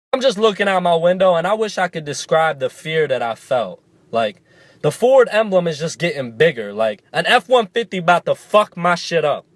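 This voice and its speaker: Animated, profane young-sounding male storyteller. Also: high-pitched, no echo. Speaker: vlogger. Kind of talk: casual storytelling to camera.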